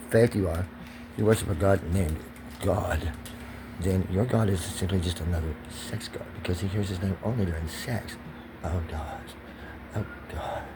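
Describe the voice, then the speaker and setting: Low-pitched man, rambling and profane, pressured speech with heated swings, audible background noise. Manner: rambling, drops to whispers then rises to agitated shouting. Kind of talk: rambling monologue vlog.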